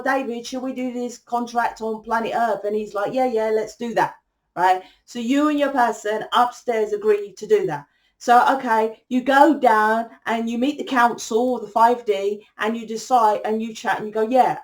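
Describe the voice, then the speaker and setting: Chatty rambling woman. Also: mid-range voice. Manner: rambling, chatty, swears freely. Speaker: spiritual channel host. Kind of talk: casual monologue.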